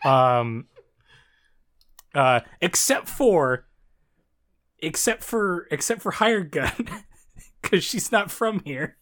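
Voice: mid-range voice, animated, drawn-out words, pauses often, a bit bright. A speaker with a Southern Ontario Canadian accent, chatting casually as a podcast co-host, rambling, swearing and often breaking into laughter. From Canada, Southern Ontario near Toronto. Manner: rambling, profane, lots of laughter and restarts. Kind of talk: casual chat.

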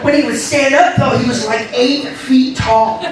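Picked up from a distance with roomy echo and a loud crowd around him, a pastor with a very high voice preaches at a moderate pace. His intonation stays fairly even as he tells a story with laughter and trades calls and responses with the congregation.

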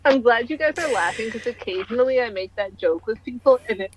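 A woman's voice: on the high side, lively intonation, brisk, a little hiss or hum. A young woman chatting casually as a podcast co-host, rambling and poking fun at herself. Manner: chatty, self-deprecating, rambling with restarts. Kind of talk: casual chat. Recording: dull, dry lo-fi recording.

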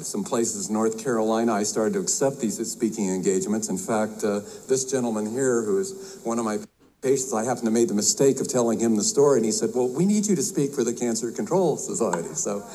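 A man who is an herbalist giving a talk to health practitioners, folksy and halting, with many fillers and restarts. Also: lowish voice, warm tone, a little hiss or hum, rough recording. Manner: tells a joke with acted voices. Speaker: herbalist speaker at a health conference.

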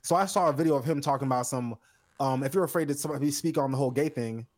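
Quick, blunt man on a podcast. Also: mid-range voice. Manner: blunt, insistent, talks fast. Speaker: podcast co-host. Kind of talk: casual chat.

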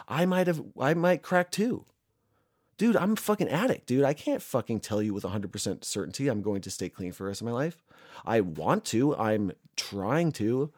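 A young recovering addict shares his views in a casual, angry rant to camera, swearing heavily and rambling with many fillers. His voice is medium-pitched and a little mellow.

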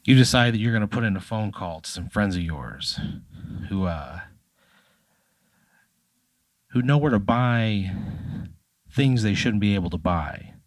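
A man's voice: fairly low pitch, expressive, a little slow, pauses often, dry recording. A man narrating as game master in a comedy tabletop game, loose and chatty with many fillers.

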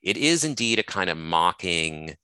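A man's voice: low voice, sing-song, moderate pace, sharp tone, smooth, dry recording. A male scholar explaining ideas from his book in a thoughtful, hedging way, with many fillers and restarts. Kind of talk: conversational explanation.

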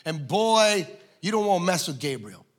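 A man preaching a sermon, acting out the scripture voices and shouting for emphasis. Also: high-pitched, big pitch swings, moderate pace. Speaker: pastor.

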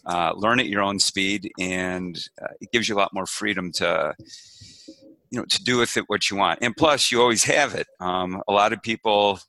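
A man guest on a podcast, explaining his coaching course in casual, steady talk. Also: lowish voice, normal speed, dry recording, low-quality recording. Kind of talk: casual interview chat.

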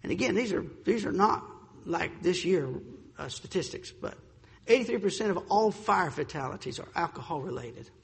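A man preaching a sermon with emphatic delivery, slowing down to stress key points and sometimes stumbling over words. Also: sits high, animated, creaky, big-room sound.

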